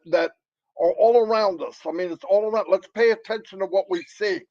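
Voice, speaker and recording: A middle-aged man with a notably high voice for a man, speaking in an emphatic, excitable rush of motivation. He repeats phrases for effect. The recording sounds dull and lo-fi. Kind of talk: impassioned motivational talk.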